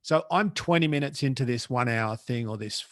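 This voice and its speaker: An Australian man speaking at a mid-range pitch, telling a story with blunt, colloquial energy. He is a professional speaker chatting as a guest. The sound is dry and close. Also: normal speed, a bit bright, dry recording. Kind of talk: casual storytelling.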